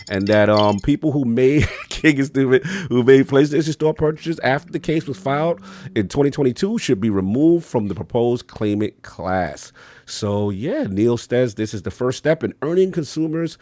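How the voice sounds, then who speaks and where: A man's voice: mid-range voice, a little mellow, a little hiss or hum. A man co-hosting a gaming podcast, reading a news item in a matter-of-fact way and chiming in with short replies. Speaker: podcast co-host. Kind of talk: reading news, casual chat.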